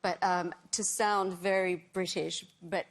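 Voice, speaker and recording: A woman's voice: lowish voice, fairly even intonation, slow. A woman, a singer guest on a chat show, talking in a bubbly way about her music. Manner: bubbly, laughing.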